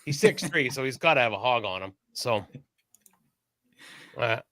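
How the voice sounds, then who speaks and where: A man co-hosting a podcast in casual chat, animated, laughing often and swearing freely. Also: medium pitch, moderate pace, no room sound. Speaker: podcast co-host.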